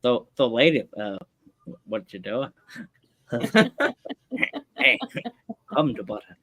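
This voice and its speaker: Man putting on a dim cartoon teen boy, dopey low drawl, sleazy. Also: expressive, vocal fry, bright, forceful tone, dry recording, full character voice. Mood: dopey leering. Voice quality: low, slow, dopey drawl with stalled fillers. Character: dim-witted leering teenage boy cartoon slacker. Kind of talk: impression on a live-streamed podcast.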